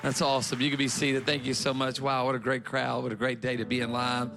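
A man's voice: mid-range voice, little pitch movement, a little fast, gravelly, music in the background. A man speaking as guest preacher, greeting the congregation with enthusiasm before his sermon. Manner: enthusiastic, warm crowd greetings. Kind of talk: sermon opening. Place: large church auditorium.

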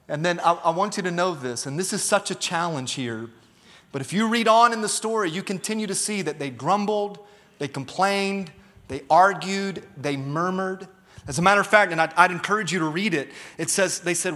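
A male pastor delivers an emphatic sermon, his voice high-pitched and bright. He keeps calling on the congregation to respond. The sound carries a long reverb from a large church auditorium. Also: expressive, moderate pace. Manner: emphatic, calls for audience response.

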